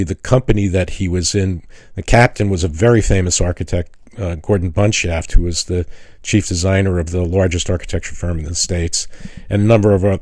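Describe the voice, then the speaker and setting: An older man giving a casual lecture as a retired architect, telling personal stories in a halting, rambling way with restarts. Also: deep voice, darkish tone. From New York City. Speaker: retired architect teaching a class.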